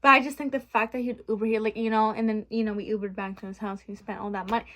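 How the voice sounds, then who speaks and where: A woman's voice: medium pitch, flat delivery, fast talker, sharp tone. A young adult woman vlogging from her bedroom, rambling frankly and venting with swearing in a casual chat.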